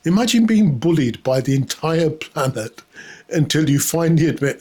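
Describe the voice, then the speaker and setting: A man hosts a satirical comedy monologue in a fairly high voice. He sounds sarcastic and mock-outraged and often laughs at his own jokes. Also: very animated, normal speed, a little mellow, breathy edge. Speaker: comedy host.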